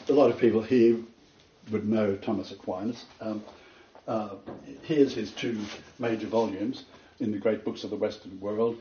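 Older male preacher, earnest and emphatic lecture delivery, mellow tone, echoey room recording. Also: slight background noise. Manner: earnest and emphatic, pitch leaping on stressed words, rambling asides. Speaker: preacher giving a Bible lecture. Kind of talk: informal sermon lecture to a small group. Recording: roomy, distant, dull lo-fi.

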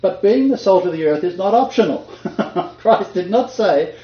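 A man's voice: high voice, expressive, moderate pace. An older man giving an emphatic, conversational faith talk, chuckling now and then and quoting scripture. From Australia. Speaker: Christian teacher. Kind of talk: conversational sermon-style talk. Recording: echoey room, dull lo-fi sound.

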